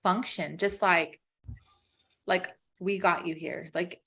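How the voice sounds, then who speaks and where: Woman, 30s, podcast co-host, casual chat, rambling, fairly low voice. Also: steady tone, takes it slowly, pushed and bright, slightly rough. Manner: rambling, heavy use of "like".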